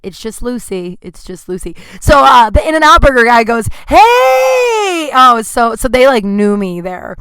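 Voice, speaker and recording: A woman's voice: a little high, normal speed, few pauses, pushed and bright, clear, resonant tone, no echo. A woman in her thirties hosting a podcast from her apartment, rambling through casual stories with lots of fillers and asides. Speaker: podcast host. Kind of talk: casual storytelling. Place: home apartment.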